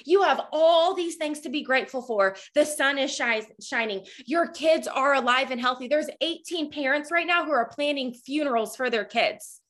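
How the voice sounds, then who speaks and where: Fervent high-voiced woman preaching faith. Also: normal speed, hardly any pauses. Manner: fervent, preachy, rising to near yelling. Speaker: Christian speaker. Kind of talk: impassioned faith talk to a social media audience.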